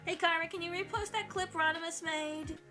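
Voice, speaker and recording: A young woman streamer chatting casually with her viewers while drawing, excitable and chatty, swearing freely. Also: very high-pitched, a little fast, over music.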